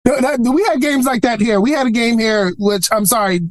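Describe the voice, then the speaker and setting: A man in his forties from Brooklyn, a podcast guest in casual interview chat, an animated storyteller who laughs often. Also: very high voice, a little fast, over a noisy crowd. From Brooklyn, New York.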